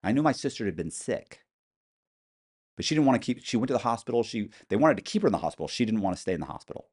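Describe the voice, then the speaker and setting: A man's voice: lowish voice, very animated, fast, a little mellow, husky. A man as an interview guest, telling personal stories in a matter-of-fact, rambling way with frequent restarts. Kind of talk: casual storytelling interview.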